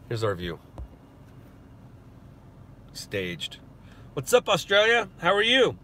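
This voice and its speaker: A man's voice: medium pitch, bright, forceful tone, slight background noise. Chatty man streaming from his car. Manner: joking, chatty, laughs often. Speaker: news stringer and streamer. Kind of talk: casual live-stream chat. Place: inside a parked car. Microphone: phone.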